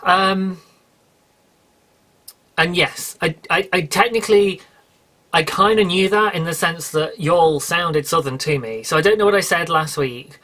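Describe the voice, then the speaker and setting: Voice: mid-range voice, a bit bright. Rambling British podcast host. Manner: rambling, self-correcting, apologetic, chatty. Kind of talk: casual solo podcast chat.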